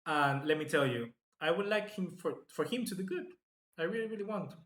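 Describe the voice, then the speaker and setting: Excitable man live-reacting to a football match. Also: fairly high pitch, brisk. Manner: excitable, chatty, reads viewer comments aloud. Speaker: football fan channel host. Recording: echoey room.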